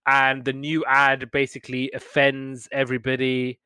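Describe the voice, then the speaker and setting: A man's voice: mid-range voice, monotone, bright, forceful tone, smooth, no echo. A young man casually recapping a sitcom episode as a podcast host, rambling with lots of fillers. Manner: chatty, loose retelling with many fillers and quick laughs. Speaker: podcast host reviewing TV shows.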